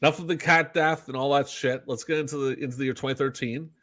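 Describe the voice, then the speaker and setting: A Canadian man co-hosts a podcast, chatting casually with an animated, foul-mouthed energy and acting out little exchanges in quoted voices. His pitch is medium and he talks quickly.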